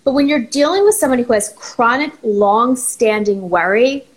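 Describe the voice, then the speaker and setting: A woman therapist, a guest on a talk show, explaining ideas in a steady teaching tone. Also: on the high side, normal speed, poor audio. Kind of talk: conversational explanation.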